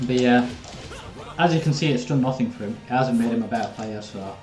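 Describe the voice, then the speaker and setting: A man's voice: medium pitch, a little fast, a little mellow, soft background music. A young man, chatting casually with viewers while commenting on his own live gameplay. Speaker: streamer. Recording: roomy echo.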